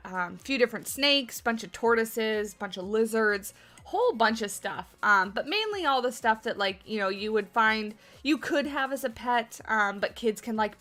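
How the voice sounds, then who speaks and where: A woman's voice: mid-range voice, bright, forceful tone. A woman hosting a game livestream, chatting casually with her viewers, answering their questions and laughing often. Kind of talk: casual livestream chat while building in a game.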